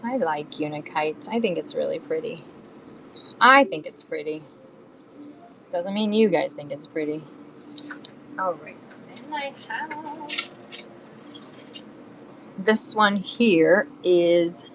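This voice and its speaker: A woman's voice: on the low side, slight background noise, low-quality recording. Chatty woman selling beads live. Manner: chatty, counts beads aloud, hums while working. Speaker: live shopping seller.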